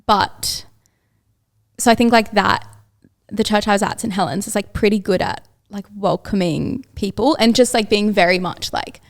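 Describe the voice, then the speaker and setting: A young Australian woman in her twenties, guesting on an audio-only podcast, tells stories in a chatty, casual way and says "like" constantly. Her voice sits in the mid range at a normal speed.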